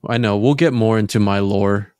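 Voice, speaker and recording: A man with a New Jersey accent co-hosting a podcast, rambling with halting restarts in casual banter. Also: lowish voice, darkish tone, smooth, dry recording, studio quality. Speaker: podcast co-host.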